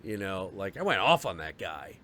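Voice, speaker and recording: In a low voice at a moderate pace, a man hosting a live stream tells a story. It comes out as an animated, swearing, casual rant, and he acts out the people involved in their own voices.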